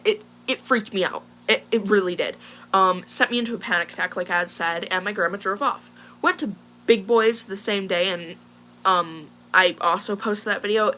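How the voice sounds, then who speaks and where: A woman's voice: mid-range voice, sharp tone, slight background noise. A teenage girl casually recounting a distressing incident to viewers, rambling with many fillers and sounding shaken. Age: teens. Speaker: vlogger telling a personal story. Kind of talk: casual storytelling to a live audience.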